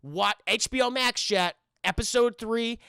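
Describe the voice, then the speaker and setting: A man's voice: very high-pitched, unhurried, creaky, clear, resonant tone, dry recording, studio quality. A man reviewing a cartoon live for his stream chat, swearing freely and joking as he recaps. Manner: profane, excitable, joking.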